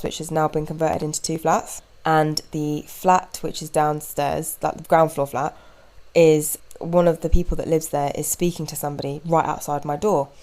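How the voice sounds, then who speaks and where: Animated woman telling a story. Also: low voice, clean tone, poor audio. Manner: animated and indignant, with quick asides. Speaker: podcast host. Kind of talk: casual storytelling monologue.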